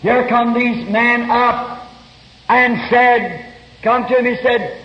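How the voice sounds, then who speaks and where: A man preaching a fervent sermon, telling stories earnestly and breaking into shouts now and then. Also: sits high, slow. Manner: earnest storytelling, bursts of shouting. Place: church meeting hall. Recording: roomy lo-fi 1961 sermon tape.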